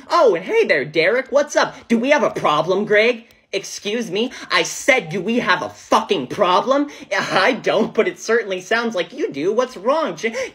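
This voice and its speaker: A woman's voice: medium pitch, fairly bright tone, breathy edge. A woman speaking heated, confrontational dramatic dialogue full of profanity.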